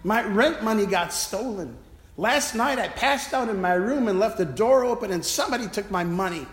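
A man's voice: high voice, animated, normal speed, fairly bright tone, voice pushed up. A man voicing a desperate grown man who sobs and pleads, in an echoey church. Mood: pleading. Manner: sobbing, pleading. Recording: echoey church with long reverb.

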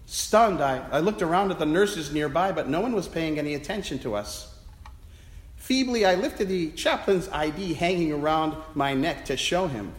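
Male priest, self-deprecating storyteller, a little high, echoey sanctuary. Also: expressive, moderate pace. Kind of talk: sermon told as a personal story. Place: church. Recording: echoey church with long reverb.

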